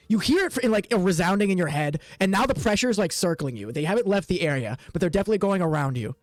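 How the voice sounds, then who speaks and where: A man's voice: high-pitched, expressive, fast, few pauses, dry recording, faint music behind. A man narrating as the game master of a tabletop game, casual and full of fillers.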